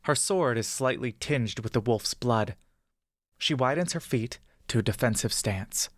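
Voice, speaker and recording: A man narrating a fantasy adventure story in the second person, with steady, measured pacing. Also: medium pitch, no echo, clean studio sound.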